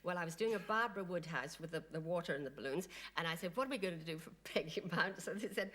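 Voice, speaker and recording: A woman guest on a TV chat show, telling animated anecdotes and laughing often. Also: on the low side, quick pace, hardly any pauses. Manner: giggly, animated storytelling with frequent laughs. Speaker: guest impressionist. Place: TV studio.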